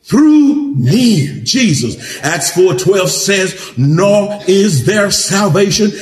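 A man preaching a sermon as pastor in a church, with rising rhythmic emphasis that builds to shouts. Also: high-pitched, slow pace, faint music behind. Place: church sanctuary.

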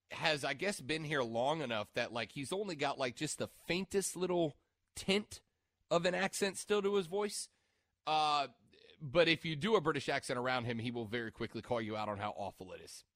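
A man's voice: mid-range voice, fairly bright tone, no room sound. A man hosting a sports radio show, chatting casually and rambling, stopping mid-sentence to check his notes. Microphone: studio microphone.

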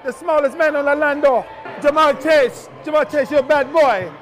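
A man in an archive clip putting on a Jamaican accent and shouting playful calls outdoors at a stadium. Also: very high-pitched, normal speed, voice pushed up. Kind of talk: clip of a famous athlete in disguise shouting at players. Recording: crowd noise outdoors, from far off.

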